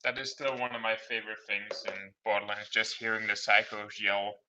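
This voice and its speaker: A man's voice: lowish voice, little pitch movement, fairly quick, bright, forceful tone, muffled recording, a little hiss or hum. A man playing in a tabletop game, amused and stammering on his first words. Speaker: player.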